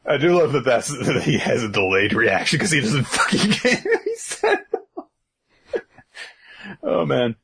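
A man's voice: mid-range voice, huge pitch swings, unhurried, gravelly, pauses often, a bit bright, husky. A man co-hosting a podcast, talking in a laid-back, rambling way with lots of fillers and chuckles. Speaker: podcast co-host. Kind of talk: casual podcast recap chat.

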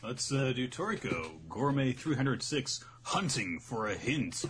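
A man's voice: medium pitch, big pitch swings, unhurried, noisy background. A man casually reviewing a comic chapter as a podcast co-host, in a dry, wry way.

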